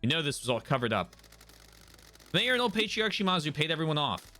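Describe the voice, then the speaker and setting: A man's voice: a little high, sing-song, fairly quick, sharp tone. A man putting on a weary British gang boss. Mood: recounting. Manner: blunt, world-weary. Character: gruff older male gang boss.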